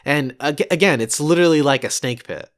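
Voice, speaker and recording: A man's voice: on the high side, brisk. A man hosting a podcast in casual chat, mocking and laughing often. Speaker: podcast host.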